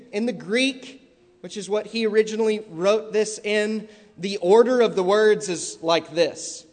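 Male preacher, high voice, slow deliberate delivery, emphatic sermon, long echoing hall reverb. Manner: emphatic, repetitive, building to loud stressed peaks.

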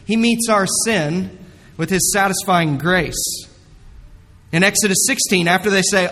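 A pastor with a high voice preaches slowly and earnestly, leaning hard on key words. His sermon rings out through a hall with a long reverb. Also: fairly bright tone. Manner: earnest, emphatic preaching with dramatic retellings.

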